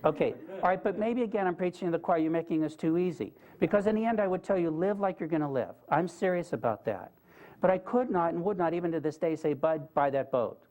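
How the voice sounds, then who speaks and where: A man's voice: high voice, lively intonation, fast talker, a little mellow. A man giving a talk to a live audience, telling stories in an earnest, conversational way and putting questions to the listeners. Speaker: guest speaker. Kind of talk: storytelling lecture to an audience. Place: lecture room with a live audience.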